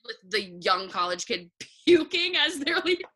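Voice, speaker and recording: A young adult woman, a guest on a podcast, chatting casually about a movie in an animated way, laughing often. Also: sits high, normal speed.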